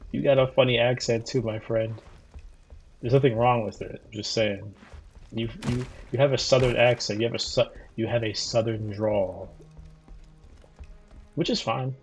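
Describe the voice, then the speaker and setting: A man's voice: mid-range voice, steady tone, moderate pace, long pauses, soft background music. A man streaming a video game, chatting casually with viewers in a rambling, profane way full of fillers and restarts. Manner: talks back to viewers' chat messages. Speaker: gaming streamer. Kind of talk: casual livestream chat while playing. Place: living in Florida.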